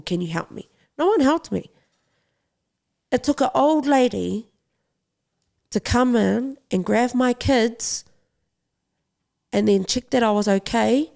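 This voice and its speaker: A young adult woman speaks as a podcast guest about her own story, with a gravelly, creaky edge to her voice. Her pitch sits in an ordinary middle range. She talks in an impassioned way and pleads urgently with her listeners. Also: a little mellow. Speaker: boxing champion guest. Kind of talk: podcast interview, personal story.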